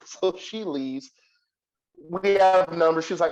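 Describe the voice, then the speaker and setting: A young adult man hosting a podcast and telling a long story in a profane, animated way, laughing often. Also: on the high side, unhurried, highs cut off. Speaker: podcast host. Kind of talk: casual storytelling.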